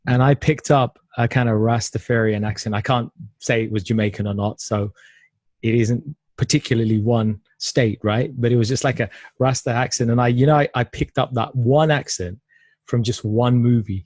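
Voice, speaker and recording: A man's voice: medium pitch, moderate pace, darkish tone, dry recording. A man hosting an interview show, chatty, upbeat and affirming toward his guest. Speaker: podcast host. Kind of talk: casual interview chat.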